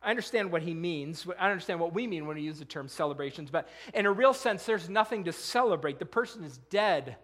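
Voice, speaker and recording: High-voiced man preaching a sermon. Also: lively intonation, fairly quick, hardly any pauses, a bit bright. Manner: earnest, quotes scripture, asks rhetorical questions. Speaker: pastor.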